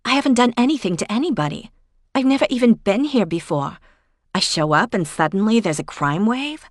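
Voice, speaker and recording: A woman voicing a blunt, rattled young woman with sharp, exasperated retorts. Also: on the low side, normal speed, no room sound, studio quality, natural voice.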